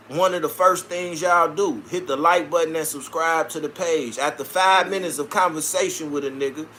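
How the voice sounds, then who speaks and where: A man's voice: on the high side, pushed and bright, a little hiss or hum. A man from Chicago hosting a casual live stream, answering viewer comments with brash, profane street banter. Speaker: livestream host reading viewer comments.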